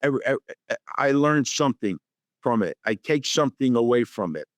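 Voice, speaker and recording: An older man, an actor guest on an interview show, telling lively anecdotes and acting out the dialogue in them. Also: medium pitch, brisk, no echo. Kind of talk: storytelling interview.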